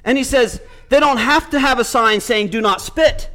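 A man's voice: very high-pitched, normal speed, few pauses, bright, forceful tone. A man preaching a sermon, retelling a story with quoted speech and building to emphatic points.

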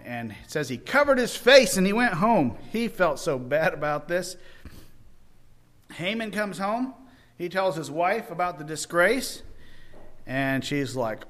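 A man's voice: a little high, sing-song, unhurried, a bit bright. A man retelling a Bible story in a folksy, informal way, often acting out the characters' voices.

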